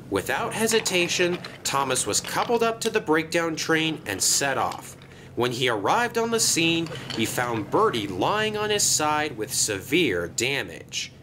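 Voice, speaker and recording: A man narrating a children's story in a gentle, expressive way. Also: a little high, a little slow, background noise.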